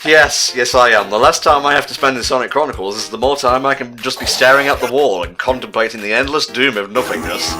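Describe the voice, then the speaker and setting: A man's voice: mid-range voice, fast talker, few pauses, sharp tone, soft background music. A man giving casual, sarcastic gaming commentary while playing with friends, swearing freely. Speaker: let's play commentator.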